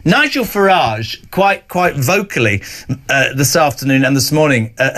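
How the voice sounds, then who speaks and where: A man's voice: a little high, very animated, normal speed, fairly bright tone. A male presenter leading a panel discussion in an impassioned, sarcastic, ranting way. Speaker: talk show presenter.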